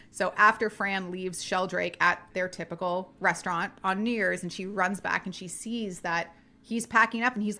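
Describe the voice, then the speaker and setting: A woman's voice: medium pitch, brisk, a bit bright. A woman co-hosting a podcast, chatting casually about old films, swearing freely and acting out characters' lines. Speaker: podcast co-host. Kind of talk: casual film-review chat.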